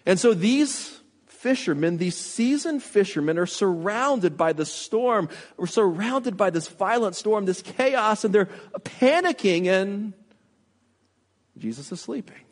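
A man's voice: high voice, lively intonation, takes it slowly. A man preaching a sermon as a pastor, earnest, with rhetorical questions to the congregation and frequent restarts. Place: church sanctuary. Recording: long reverb of a large hall.

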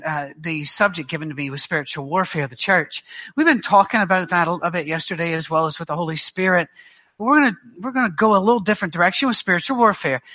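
A middle-aged Glaswegian Scotsman preaches a guest sermon to a church, telling stories with dry humor and halting restarts. His voice is high with a sharp tone.

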